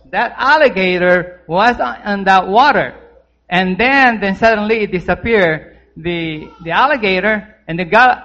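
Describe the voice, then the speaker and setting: Male storyteller for a child, halting non-native English, animated, slightly high voice, dull lo-fi audio. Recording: dull lo-fi recording.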